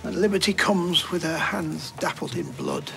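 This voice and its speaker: A dry, gravelly, bookish man. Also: on the high side, wildly swooping pitch, moderate pace, a bit bright, heavily acted. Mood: wry. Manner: dry, wry. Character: dry, erudite man quoting writers. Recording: music playing behind.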